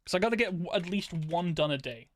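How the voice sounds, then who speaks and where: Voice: mid-range voice, animated, quick pace. A live streamer chatting casually to themselves while editing videos, muttering and swearing now and then.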